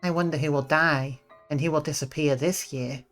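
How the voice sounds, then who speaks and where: A reader doing cold quiet teen girl Shion. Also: mid-range voice, steady tone, normal speed, soft background music, lightly acted.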